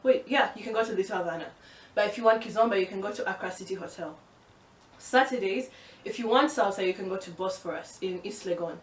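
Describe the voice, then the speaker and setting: A young woman from Uganda chatting fast and excitedly in a casual vlog, given to exasperated, swearing rants. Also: mid-range voice, far from the mic, a little hiss or hum. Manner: fast, excitable talker who speeds up. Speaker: vlogger. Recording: roomy, from the mic.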